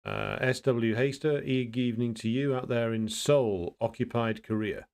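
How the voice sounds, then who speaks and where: A man hosting a casual livestream, greeting viewers and answering their comments in a blunt, opinionated way, pausing often to think and restarting his sentences. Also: medium pitch, very animated, vocal fry, darkish tone, clear, resonant tone. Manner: thinks aloud with frequent pauses and restarts. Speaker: livestream host.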